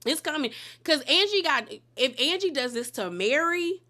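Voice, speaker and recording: Bright-voiced chatty woman recapping TV. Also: sits high, lively intonation, moderate pace. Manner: chatty and opinionated, full of slang. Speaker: reality TV recap host. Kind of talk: casual recap commentary.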